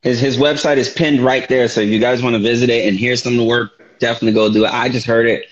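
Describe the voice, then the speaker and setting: A man co-hosting a casual podcast chat, relaxed and rambling in slangy talk over a video call. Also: mid-range voice, fast. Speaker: podcast co-host. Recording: dull lo-fi audio.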